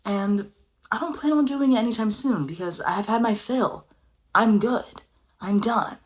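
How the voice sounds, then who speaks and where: A young woman telling a personal story to camera in a chatty, animated way, full of filler words. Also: fairly high pitch, moderate pace. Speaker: social media creator.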